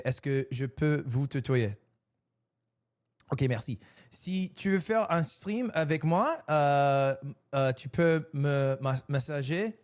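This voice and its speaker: A young man chatting casually on his stream, rambling and self-mocking, laughing often. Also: on the high side. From United States.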